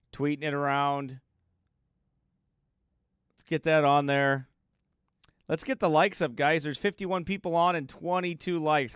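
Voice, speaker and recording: A man's voice: on the high side, a bit bright, clean tone, dry recording, clean studio sound. A man, a pastor from the United States, chatting casually and joking with livestream viewers before his sermon. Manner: chatty, joking, reads viewer names aloud.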